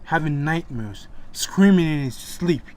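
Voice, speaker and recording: A man's voice: fairly high pitch, lively intonation, unhurried, darkish tone. Man doing a worried older sister. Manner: anxious, confiding.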